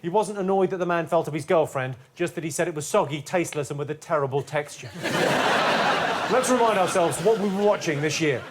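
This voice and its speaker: A man hosting a comedy quiz, delivering scripted deadpan one-liners in a TV studio. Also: a little high, a little fast, a little hiss or hum. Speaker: quiz host. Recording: TV studio with audience laughter. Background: studio audience laughing.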